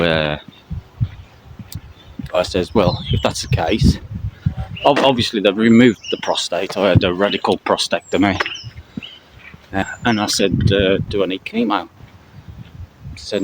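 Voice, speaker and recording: A middle-aged man from Britain talking to his viewers while out on a walk, halting and full of fillers, out of breath. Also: sits low. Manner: halting, many fillers and restarts. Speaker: camping channel vlogger. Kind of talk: casual spoken update to viewers while walking. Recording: loud outdoor traffic noise.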